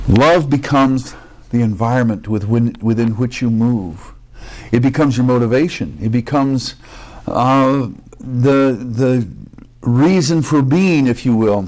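A man's voice: medium pitch, slow, a little mellow. A male pastor preaching a sermon in a conversational way, with joking asides, restarts and rhetorical questions.

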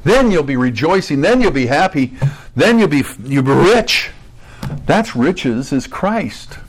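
Earnest preacher man, quiet to emphatic. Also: sing-song, a little slow, breathy edge. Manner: earnest preaching, swinging from low, quiet stretches to high, emphatic bursts; acts out quoted voices of imagined listeners. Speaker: pastor. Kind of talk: sermon.

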